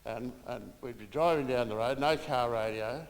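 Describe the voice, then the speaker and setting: In a small funeral room with long, echoing reverb, an older Australian man gives a eulogy for his mother. Speaking at normal speed in a mid-range voice, he shares family anecdotes, acts out the voices of the people he quotes, and chuckles along the way.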